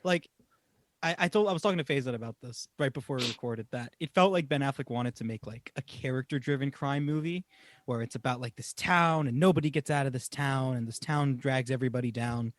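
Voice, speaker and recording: A young man co-hosting a casual movie podcast, animated and swearing, often laughing and mocking what he watched. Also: mid-range voice, brisk, dry recording, clean studio sound. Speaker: podcast co-host. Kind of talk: casual film review chat.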